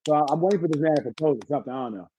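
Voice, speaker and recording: A man from Brooklyn, a guest entertainer chatting on a podcast, telling animated stories with jokes and laughs. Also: on the high side, rapid-fire, a little hiss or hum. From Brooklyn, New York. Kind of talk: casual podcast chat. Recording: dry, slightly dull lo-fi sound.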